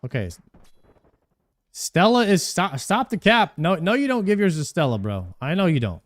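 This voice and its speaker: A man's voice: high-pitched, sing-song, moderate pace. A man streaming a video game live, chatting casually and thanking viewers by name.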